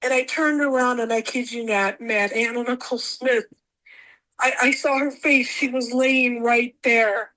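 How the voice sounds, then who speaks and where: A woman with a somewhat high voice recounts a personal experience as a podcast guest. She talks in an animated, emotional way and circles back over the same phrases again and again. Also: a little slow, rough recording. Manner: rambling, repeats herself, animated.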